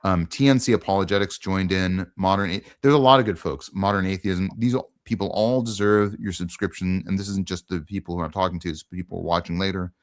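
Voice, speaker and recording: A man's voice: deep voice, fairly even intonation, fast talker, few pauses. A man hosting a casual online conversation, talking earnestly with frequent ums. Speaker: host.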